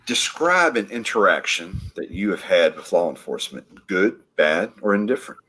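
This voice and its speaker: Husky low-voiced male police officer. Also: sing-song, normal speed, fairly bright tone. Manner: friendly, encouraging questioner. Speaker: police officer asking interview questions. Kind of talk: casual video-call interview. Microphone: video call.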